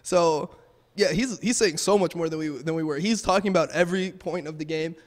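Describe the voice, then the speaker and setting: A young man, a pro gamer, talking casually and quickly in a post-match interview, with lots of "um" and "like". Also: on the high side, long reverb tail. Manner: fast, casual, filler-heavy.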